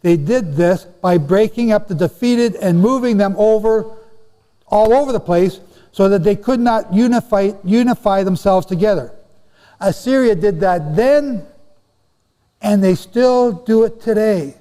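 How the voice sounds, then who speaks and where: A man with a high but mellow voice gives a Bible lecture over slides. He talks straight to his listeners, repeating and leaning on words for stress. His voice rings with the long echo of a hall. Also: a little slow. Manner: conversational, repeats and stresses words, addresses audience directly. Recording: echoey hall.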